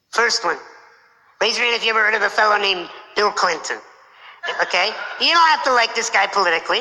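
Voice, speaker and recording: Bright-voiced man speaking in a reverberant hall. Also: sits high. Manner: playful storyteller, acts out other people's lines. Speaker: motivational speaker. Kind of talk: motivational keynote talk.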